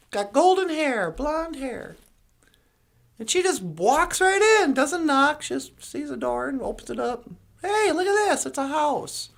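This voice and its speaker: A woman's voice: high voice, a bit bright. A woman podcast co-host telling a fairy tale in a playful, rambling, casual way. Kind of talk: casual storytelling.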